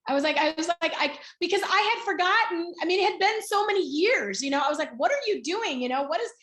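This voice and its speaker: A guest speaker in her sixties tells her personal story on a video call, chatty and storytelling, acting out snippets of dialogue along the way. Her voice is extremely high, expressive, quick and fairly bright, and the recording has a roomy echo.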